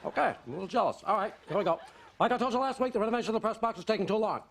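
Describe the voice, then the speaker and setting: A man's voice: sits high, expressive, very fast. An actor playing a rambling, blustery male baseball team owner who bosses his staff around in a sitcom. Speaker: boss. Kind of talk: sitcom acting.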